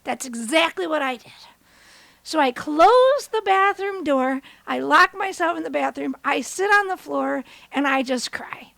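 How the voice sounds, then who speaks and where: A woman in her thirties hosts her own podcast, talking her listeners through a personal story with motivational asides. Her voice sits high with a gravelly fry, and it is recorded dry and close. She acts out the quotes, leaping up and down in pitch. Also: measured pace, no room sound. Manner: animated, acts out quotes with big pitch jumps. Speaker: podcast host.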